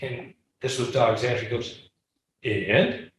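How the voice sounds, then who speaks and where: Man, lecturer, animated storyteller, mid-pitched voice, very echoey room, distant mic, faint room hum. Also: moderate pace. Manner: animated, acts out dialogue in his anecdotes. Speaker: coastal science lecturer. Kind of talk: storytelling lecture to a live audience. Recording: echoey room, heard from far off.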